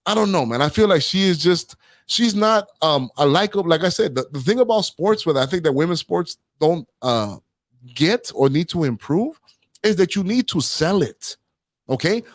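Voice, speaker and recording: A man's voice: on the high side, lively intonation, normal speed, no echo, clean studio sound. Rambling opinionated male talk-show host. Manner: rambling, opinionated, tags lines with "right?" and "man".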